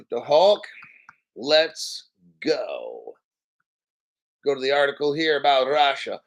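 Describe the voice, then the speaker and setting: A man's voice: on the high side, expressive, slow, a bit bright. A man in his fifties hosting his own crypto channel, ranting casually to viewers in a mocking, profane, rambling way. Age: 50s. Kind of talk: casual unscripted rant to viewers.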